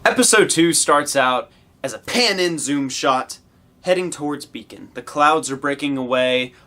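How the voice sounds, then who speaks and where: Excitable male host with a lively voice. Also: a little high, measured pace. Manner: excitable, shouts and cheers in bursts, rambling asides. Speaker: host of a review show. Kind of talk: excited casual review commentary.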